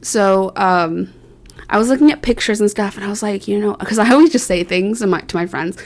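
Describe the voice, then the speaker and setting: A young adult woman vlogs directly to her viewers in a loose, rambling way, telling her story chattily and self-mockingly with lots of fillers and quick asides. Her mid-range voice is expressive and a little mellow.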